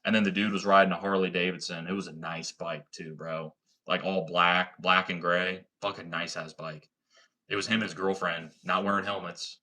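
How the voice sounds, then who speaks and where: A man's voice: sits low, sharp tone. A man hosting a livestream, telling stories and reading chat in a laid-back, profane, slangy way. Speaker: livestream host. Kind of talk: casual livestream storytelling and chat.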